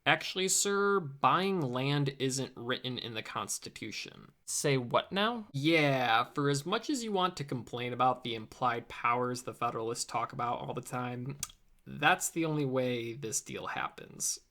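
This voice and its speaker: A man's voice: medium pitch, expressive, measured pace, pushed and bright. A man playing an eager, slightly awkward American envoy in a comedy sketch, patiently explaining things. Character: earnest, flustered male American envoy.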